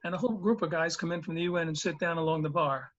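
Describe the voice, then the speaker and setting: A man's voice: a little high, steady tone, very fast, a bit bright, dull audio. A man phoning into a talk show who tells a long joke, putting on comic accents for the characters. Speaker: caller telling jokes. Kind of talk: joke telling.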